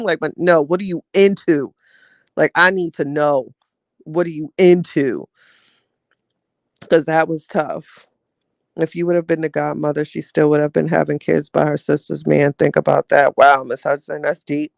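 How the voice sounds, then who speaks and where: A man's voice: fairly high pitch, fairly even intonation, normal speed, gravelly, no echo, studio quality. A man hosting a live podcast, telling a personal story in a candid way and talking straight to his viewers as he reads out their comments. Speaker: podcast host reading live chat. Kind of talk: casual livestream storytelling.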